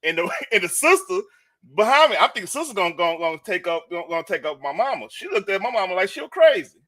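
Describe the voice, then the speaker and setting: A man telling a casual story with halting, rambling restarts. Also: high voice, sing-song, bright, forceful tone. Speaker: podcast co-host.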